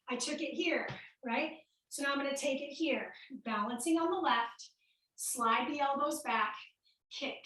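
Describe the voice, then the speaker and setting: A high-pitched Midwestern woman leads a workout class, upbeat and a bit out of breath as she calls out each move. She sounds set back from the mic, and the room around her rings a little. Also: fairly bright tone, very echoey, recorded from a distance, rough recording. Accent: American Midwestern. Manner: upbeat, cueing moves while exercising. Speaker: fitness instructor. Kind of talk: coaching a home workout class.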